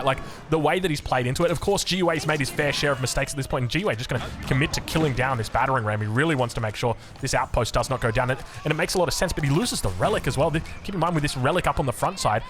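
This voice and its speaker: A man's voice: medium pitch, a bit bright. A young Australian man giving chatty, enthusiastic commentary on a strategy game match, wandering into rambling asides. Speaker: game caster. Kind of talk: esports commentary.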